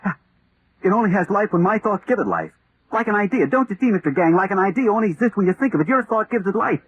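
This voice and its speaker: A man's voice: high voice, very animated, fast, slight background noise. An actor in 1940s radio acting, playing a terrified man haunted by a horror only he sees, rising into hysterical screaming. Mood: uneasy. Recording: muffled old radio transcription.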